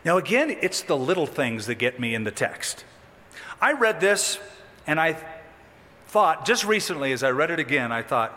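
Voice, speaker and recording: A man's voice: on the high side, moderate pace. Preacher man in an echoing hall. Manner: animated, dramatic with sudden drops. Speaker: pastor. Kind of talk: sermon. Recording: long reverb of a hall.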